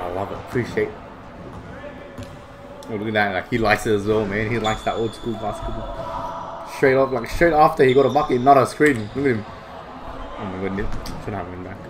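A young man giving excitable, foul-mouthed reaction commentary. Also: lowish voice, moderate pace, pauses often. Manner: excitable, swears a lot, bursts of shouting. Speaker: vlogger reacting to basketball footage.

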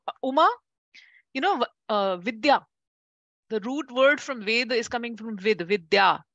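A woman teaching a class, chatty and lively, calling on students by name and laughing easily. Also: a little high, dry recording. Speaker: Ayurveda teacher. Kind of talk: classroom lecture with questions to students.

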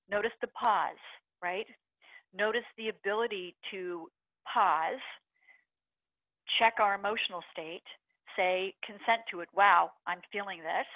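A middle-aged woman presenting a webinar, energetic and expressive, acting out inner voices with sighs and gasps. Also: medium pitch, a little slow, no echo. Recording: tinny phone-line audio, dry.

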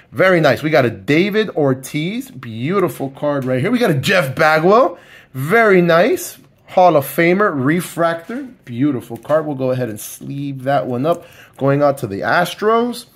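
A man giving casual, excited commentary as he opens trading card packs, calling out each card and talking to his viewers. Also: on the high side, a little slow. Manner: excited, talks to viewers by name, lots of fillers. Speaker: card collector opening packs.

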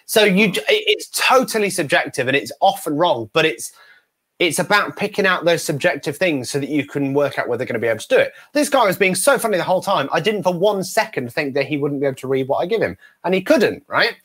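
A man, a guest ventriloquist, telling stories in a lively chat and acting out other people's voices. He talks from a room at home over a video call. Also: a little high, fast talker, breathy edge. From United Kingdom. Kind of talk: animated storytelling in a chat.

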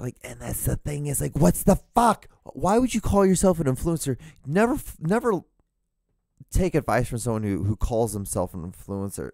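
A man rants alone on his podcast in a mellow, warm voice, with blunt, profane asides and a rambling flow. His voice is starting to wear thin. The sound is close and dry. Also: on the low side, vocal fry, dry recording. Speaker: podcast host. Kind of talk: solo podcast rant.

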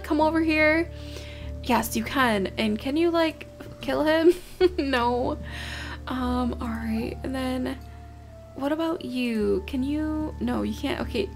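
Soft music plays behind a gaming channel host, a young woman with a high, gravelly voice, as she offers laid-back let's-play commentary. Chatty and easily flustered, she keeps addressing her in-game creatures.

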